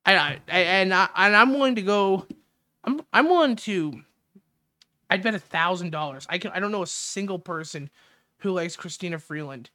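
A man's voice: sits high, expressive, normal speed, sharp tone, no room sound. A man hosting his own show, ranting in a crude, sarcastic, rambling way into a studio mic. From Canada. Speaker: podcast host. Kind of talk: casual solo rant. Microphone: studio mic with windscreen.

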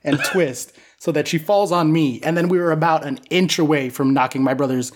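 A young man co-hosting a casual podcast chat, excitable and swearing freely as he rambles as a fan. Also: on the high side, a little fast. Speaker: podcast co-host.

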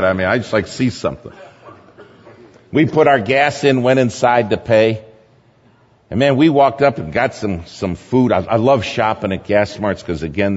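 Man telling a sermon story in a hall. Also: on the low side. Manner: lively anecdotal storytelling, chuckling at his own story. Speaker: speaker at a church gathering. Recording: dull, echoey hall recording.

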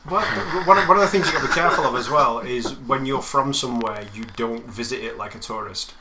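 A man's voice: medium pitch, quick pace, heavy background noise. Northern English man, chatty podcast guest. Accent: Northern English, Manchester area. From England, Greater Manchester area. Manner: easygoing, chatty, drifts into put-on accents. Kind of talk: casual podcast chat.

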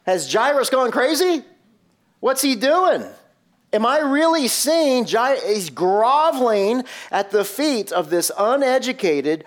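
A preacher doing an indignant religious elder. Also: male voice, extremely high pitch, pitched above the performer's own voice, full character voice. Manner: incredulous, exclaiming.

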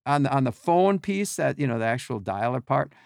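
Gravelly-voiced middle-aged storyteller man. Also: medium pitch, fairly quick, no room sound, clean studio sound. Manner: animated, acts out quotes and sounds. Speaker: podcast guest, team equipment worker. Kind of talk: casual storytelling.

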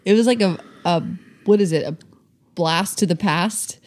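A woman's voice: fairly low pitch, normal speed, a little mellow. A woman co-hosting a podcast in casual chat, telling family stories and quoting relatives. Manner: chatty storyteller, quotes her family. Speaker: podcast co-host.

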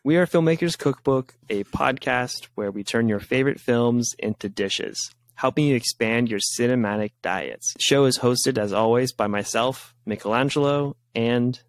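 A man hosting a casual film podcast, playful and animated as he opens the show. His voice sits in a middle range. The sound is dry and close. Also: medium pitch, moderate pace, hardly any pauses, no echo. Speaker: podcast host.

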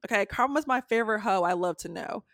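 A woman's voice: mid-range voice, expressive, fast, a bit bright, dry recording, clean studio sound. A young adult woman, a podcast co-host, retelling a story in casual chat, acting out quotes in a raised voice and swearing freely.

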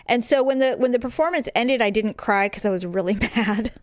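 A middle-aged woman co-hosting a show, telling stories in casual chat, candid and animated with blunt swearing. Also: a little high, a little fast, dry recording, clean studio sound. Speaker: podcast co-host.

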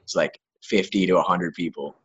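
A man's voice: sits low, fairly even intonation, normal speed, highs cut off, crowd noise. A young man, a touring musician, telling a rambling story in casual chat, with profane words and lots of filler.

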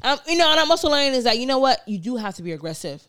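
A young woman co-hosting a podcast, telling stories candidly in a casual, animated chat full of slang. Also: sits high, rapid-fire, clean tone, no room sound, studio quality. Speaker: podcast co-host.

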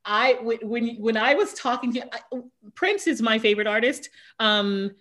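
A woman's voice: on the high side, normal speed. A middle-aged woman, a voiceover artist, chatting as a guest and telling a story with lots of fillers and acted-out reactions. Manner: animated storyteller, acts out her own reactions, laughs often. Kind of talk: casual interview chat.

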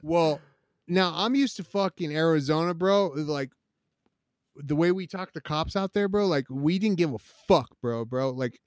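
A man telling stories in a casual chat, profane and animated, saying "bro" constantly. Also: a little high, a little slow, no room sound, clean studio sound.

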